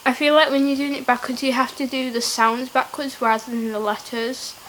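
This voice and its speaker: A woman's voice: high-pitched, flat delivery, brisk, a bit bright, a little hiss or hum, low-quality recording. A young woman vlogging in a casual, playful and giggly way, often laughing at herself. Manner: giggly, playful, self-mocking. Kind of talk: casual challenge vlog.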